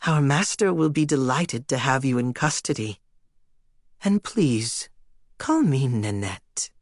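A man's voice: mid-range voice, expressive, takes it slowly, dry recording, clean studio sound. A man voicing a monstrous female creature who poses as a polite matron, with a sugary, condescending way of talking. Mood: sweetly menacing.

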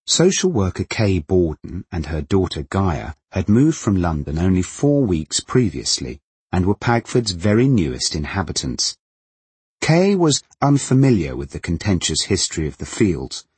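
A man narrating a novel in a measured, even manner. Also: deep voice, breathy edge, dry recording. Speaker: audiobook narrator.

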